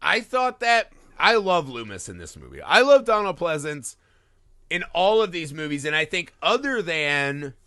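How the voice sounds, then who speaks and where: A man hosting a film podcast who swears freely and acts out scenes as he talks. His voice is bright and edgy, sits a little high and swings widely in pitch, with a dry, close sound. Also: dry recording. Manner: animated, profane, acts out movie scenes. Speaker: podcast host. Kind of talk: casual film podcast chat.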